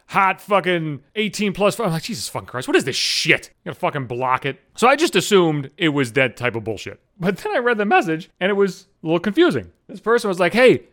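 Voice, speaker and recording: A middle-aged man runs his podcast alone, telling a story at a rapid clip. His voice sits high for a man and swings all over the place. He swears constantly and slips into mocking voices for the people in the story. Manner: animated, heavy swearing, mocking quoted voices. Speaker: podcast host. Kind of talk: profane solo storytelling.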